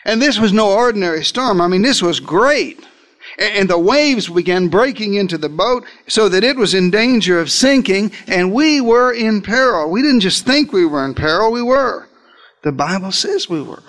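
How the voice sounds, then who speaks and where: A man preaching a sermon as a dramatic first-person retelling, theatrical, with dry humorous asides. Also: a bit bright. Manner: theatrical, with wide swings in pitch and pace.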